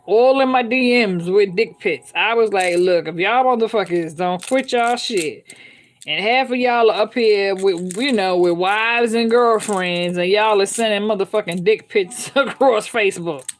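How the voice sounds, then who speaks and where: A woman hosts a candid, unscripted live stream, blunt and heavily profane, laughing often, reading viewer comments and constantly checking in with listeners. Her mid-range voice moves at normal speed with few pauses, over a little hiss or hum.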